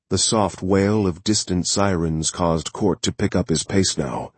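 A man narrating a thriller audiobook in a steady, measured way. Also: sits low, slightly rough, no room sound.

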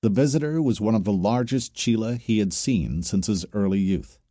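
Reading scripted narration as an audiobook narrator, a man tells a story in an even, measured style. The voice is fairly low-pitched, with clean studio sound and no room sound.

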